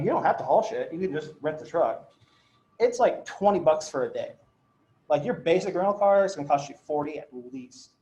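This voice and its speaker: Male law lecturer, loose and chatty, fairly high voice, echoey dull classroom sound. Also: a little mellow. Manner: chatty, filler-heavy, swears, checks in with "right?". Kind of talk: casual classroom lecture with anecdotes.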